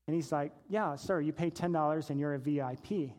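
A man's voice: fairly high pitch, a little fast, darkish tone. A man in his forties preaching a sermon, telling a playful personal anecdote and acting out the voices in it. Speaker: pastor.

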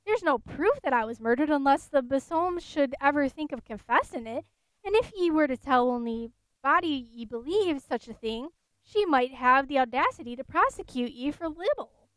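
A peevish, grumbling old ghost with a Scottish accent, put on lightly by a woman reading aloud. The voice sits high and bright, with a close, dry sound and no room around it. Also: expressive, moderate pace, no echo.

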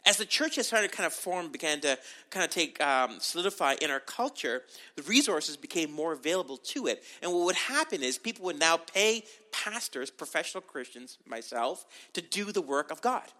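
A middle-aged man from Canada preaching as a pastor in a conversational sermon style, with animated delivery and frequent asides. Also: fairly high pitch, normal speed.

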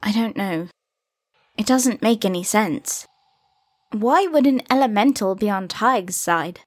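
A woman doing a calm, firm young heroine. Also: mid-range voice, unhurried, no room sound. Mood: steady. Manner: calm, direct, questioning. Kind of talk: audiobook character voice.

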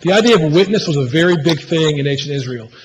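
A man's voice: fairly high pitch, lively intonation, fast. A pastor preaching a conversational sermon in a church, often restarting his phrases and checking in with "right?". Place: church sanctuary. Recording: church hall reverb, faint room noise.

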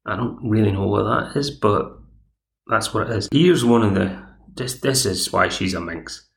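A man's voice: on the low side, moderate pace, gravelly. Male podcast host, digressive recapper, echoey room. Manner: chatty, digressive. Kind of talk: casual episode recap.

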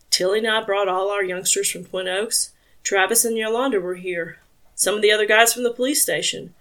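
A woman gives an easygoing man in an audiobook who chats about old times in a relaxed, meandering way. He speaks. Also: mid-range voice, lightly acted. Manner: relaxed, rambling recall. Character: adult man, easygoing Southern family friend.

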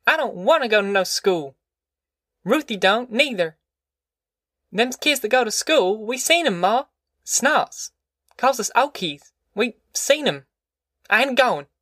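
Man voicing a high, whiny farm boy with a drawl; stubborn, audiobook. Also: expressive, unhurried, pauses often, pushed and bright, no room sound, studio quality, exaggerated voice. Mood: sulky defiant. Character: young boy, sulky and defiant.

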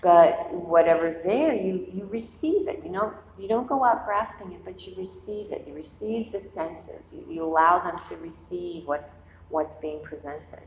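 Gravelly woman teaching in an echoey hall. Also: lowish voice, unhurried, a little hiss or hum. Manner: conversational, animated storytelling with acted-out inner voices. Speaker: meditation teacher. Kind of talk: dharma talk to a meditation group. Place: quiet meditation hall.

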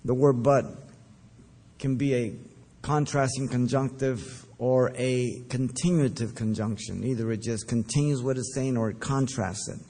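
A man preaching verse by verse, deliberate and emphatic, with occasional fillers. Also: medium pitch, steady tone, dark tone. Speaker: pastor. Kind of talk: verse-by-verse Bible teaching.

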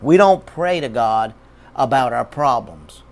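Emphatic pastor preaching. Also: male voice, medium pitch, expressive, a little slow, vocal fry. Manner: preachy, emphatic, repeats key words. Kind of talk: sermon.

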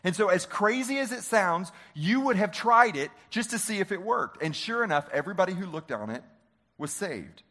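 A man preaching a sermon, animated and often asking the congregation questions. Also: high voice, normal speed. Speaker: pastor.

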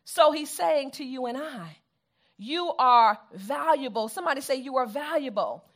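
A woman's voice: high-pitched, expressive, normal speed. A woman preaching a sermon, repeating phrases for emphasis and calling on the congregation to answer back.

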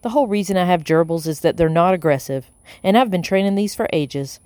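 A woman's voice: on the low side, brisk, a little mellow, no echo, natural voice. A woman doing a teasing, impatient young woman. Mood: sardonic. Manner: dry, teasing.

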